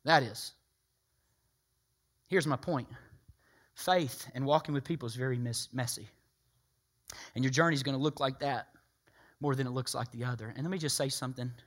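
A man preaching a sermon, emphatic and animated, acting out people's voices. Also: mid-range voice, normal speed, long pauses.

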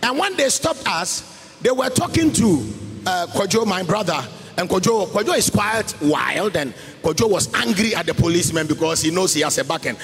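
A man preaching a sermon, in a sing-song voice that swings up to shouts. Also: high voice, animated, normal speed. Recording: hall reverb with faint music.

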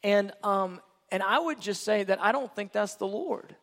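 High-voiced man preaching earnestly. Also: normal speed, fairly bright tone. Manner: earnest, conversational preaching with restarts. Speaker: pastor. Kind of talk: sermon.

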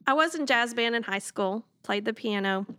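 A woman's voice: on the high side, moderate pace, pushed and bright, dry recording, clean studio sound. A woman from Texas, a church staff member, answering interview questions in a modest, self-deprecating way. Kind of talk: casual podcast interview.

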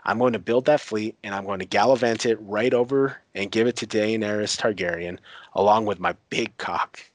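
A man's voice: lowish voice, steady tone, no echo, natural voice. A man voicing a brash, mocking older pirate uncle while retelling a TV scene. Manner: taunting, crude, unhurried.

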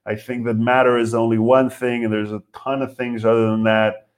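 Male comedian-host, mid-range voice, casual rambling monologue, swearing, rhetorical, loud-to-quiet swings. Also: medium pitch, normal speed. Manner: animated, profane, lots of rhetorical questions.

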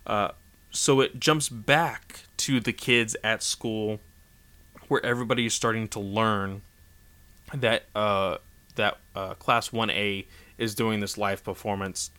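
A man talks through a comic chapter in a loose, rambling recap, stopping and restarting his sentences. His voice sits a little low but sounds bright and forceful. It comes across as smooth and clean. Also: steady tone, slow. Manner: rambling, many fillers and restarts. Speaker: manga chapter reviewer. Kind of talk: casual story recap.

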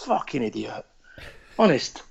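A man's voice: medium pitch, a little slow, creaky, husky, muffled recording. A man, chatting bluntly and swearing freely as he tells stories about himself. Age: 40s. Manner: blunt, sweary, animated storytelling. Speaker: podcast guest. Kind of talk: casual chat.

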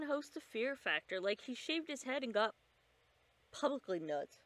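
Sardonic, fairly high-voiced woman co-host. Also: big pitch swings, moderate pace, a bit bright, no room sound. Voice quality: sardonic, swears freely. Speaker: podcast co-host. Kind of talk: casual chat while watching a movie.

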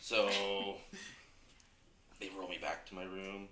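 A man on a casual podcast, relaxed and laughing as he tells a story. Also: low-pitched, drawn-out words, very noisy. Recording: roomy echoey room.

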